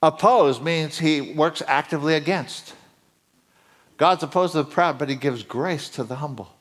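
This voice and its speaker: A middle-aged man preaching a sermon with a voice that sits a little high for a man. He talks steadily, then climbs higher and louder as the excitement builds, the way a preacher's voice does. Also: moderate pace.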